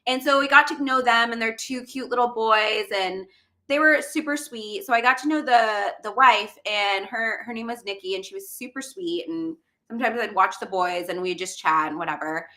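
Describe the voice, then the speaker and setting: A woman's voice: a little high, moderate pace, bright, forceful tone. A woman hosting a casual podcast chat, telling stories and laughing often. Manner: chatty storyteller, laughs often. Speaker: podcast host.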